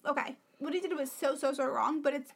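A woman's voice: high voice, a little fast, vocal fry. A young woman co-hosting a podcast in casual, opinionated chat, sometimes dropping to a whisper. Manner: chatty, opinionated, often drops to a whisper. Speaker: podcast co-host.

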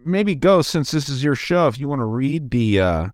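A man's voice: mid-range voice, big pitch swings, moderate pace, no echo. Male podcast host, rambling and laid-back, dry sound. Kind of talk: casual chat on a video call.

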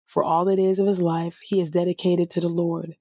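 A woman's voice: on the low side, flat delivery, a little fast, dark tone, slightly rough, no room sound, studio quality. A woman who reads scripture aloud and then leads a fervent, spontaneous prayer, often repeating "oh God" and restarting her phrases. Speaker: Bible reader and prayer leader.

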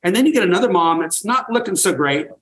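A man's voice: high-pitched, expressive, fast, fairly bright tone, low-quality recording. An older man, a farmer and guest, telling stories with enthusiasm and emphatic repetition. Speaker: guest, raw milk farmer. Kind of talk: energetic interview talk.

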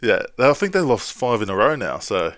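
A man's voice: medium pitch, sing-song, moderate pace, fairly bright tone, dry recording, clean studio sound. A man hosting a podcast, chatting casually and laughing often with Aussie slang. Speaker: podcast host. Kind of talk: casual chat. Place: home, living abroad.

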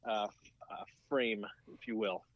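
A man's voice: on the low side, little pitch movement, slow pace, no room sound. Wry man co-hosting, dull sound. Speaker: podcast co-host. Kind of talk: casual chat.

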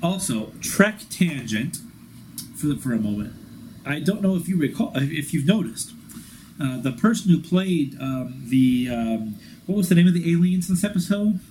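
A man co-hosting a casual fan podcast, excitable and quick, laughing at himself as he talks. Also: fairly high pitch, slight background noise, rough recording. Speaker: podcast co-host.

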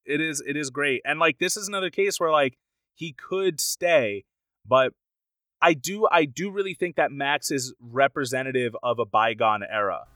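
A man co-hosting a casual podcast, discussing a film with animated enthusiasm and now and then acting out crowds in raised voices. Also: a little high, moderate pace, no room sound. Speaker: podcast co-host.

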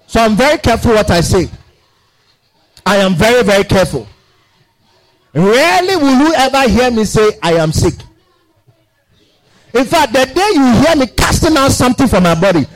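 A man preaching a sermon in a church, swinging from shouted declarations to quiet asides. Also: high-pitched, poor audio. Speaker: pastor. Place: church sanctuary.

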